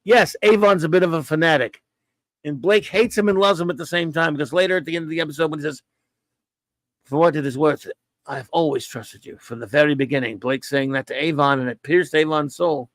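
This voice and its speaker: A man's voice: fairly high pitch, a little fast, no echo. A man talking casually as a guest, rambling enthusiastically and acting out quoted dialogue. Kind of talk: casual chat.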